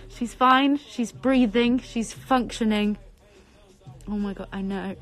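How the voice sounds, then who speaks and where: A young woman, chatting excitedly on a live stream from her bedroom, breathless and repeating herself. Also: on the high side, slow pace, soft background music. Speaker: social media creator on a live stream. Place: bedroom at home.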